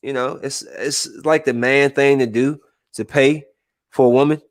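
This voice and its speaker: Speaking a little slowly in a mid-range voice, this podcast host chats casually and with animation. Whenever he quotes someone, he performs their voice.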